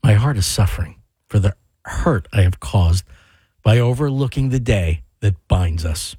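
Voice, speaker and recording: A man putting on a creepy, slow, low voice to recite a stiff, overly formal apology, with a husky edge. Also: lively intonation, mellow, no echo, clean studio sound. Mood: creepy solemn.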